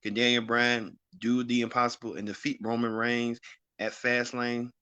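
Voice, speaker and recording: A man's voice: medium pitch, little pitch movement, moderate pace, bright, forceful tone, smooth, no echo. Man, wrestling recap host, rambling and opinionated, dry close sound, dull lo-fi audio. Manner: rambling, opinionated, frequent restarts.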